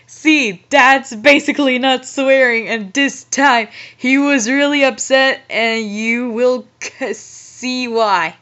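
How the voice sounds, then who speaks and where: A young woman reads a story aloud and keeps stopping to react in disbelief, her fairly high voice breaking into giggles. Her delivery is casual and exasperated. The audio is muffled and lo-fi. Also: slow pace, a bit bright. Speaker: host, fanfiction reader. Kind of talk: comedic reading with commentary.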